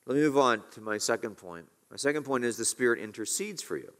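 A man preaching a sermon, earnest, slowing down to stress key words and rising on questions. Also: medium pitch, expressive, a bit bright. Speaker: pastor.

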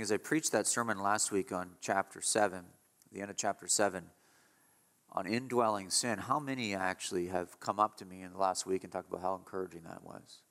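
A man preaching a sermon as pastor, emphatic, moving between hushed passages and raised declarations. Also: fairly low pitch, vocal fry. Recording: long hall reverb.

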